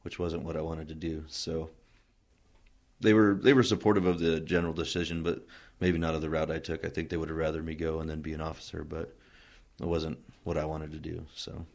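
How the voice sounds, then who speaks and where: A man from Wyoming, a Marine veteran being interviewed, telling his story in a relaxed, rambling way with many fillers and restarts. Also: extremely low pitch, fairly quick. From Wyoming, USA. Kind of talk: casual oral-history storytelling.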